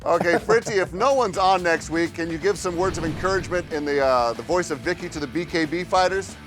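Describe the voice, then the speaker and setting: A man's voice: on the high side, brisk, over music. A man hosting a sports talk show, upbeat with filler hesitations. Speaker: show host.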